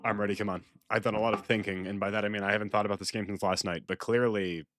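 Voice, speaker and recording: A man streaming a horror game live, rambling with repetitive, sarcastic mock calm as he talks to chat. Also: fairly low pitch, quick pace, heavy background noise.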